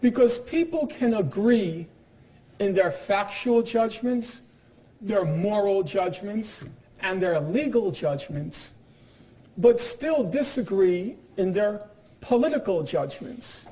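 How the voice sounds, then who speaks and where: A man's voice: sits high, expressive, slow, mellow, low-quality recording. A man in his sixties giving a public lecture, emphatic and dryly sarcastic, with frequent fillers and restarts. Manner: emphatic, quotes opponents with sarcasm.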